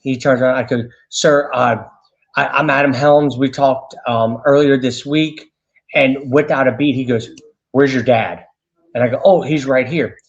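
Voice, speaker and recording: Man, radio host as guest, animated storyteller, fillers and restarts, mid pitch, lo-fi sound. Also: moderate pace. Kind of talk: casual storytelling interview.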